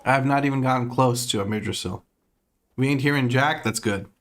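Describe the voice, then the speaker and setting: Relaxed guy chatting on stream at his desk mic, easygoing, chuckles a lot, mid-range voice. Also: medium pitch, fairly quick. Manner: laid-back, laughs often, reads chat aloud. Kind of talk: casual stream chat.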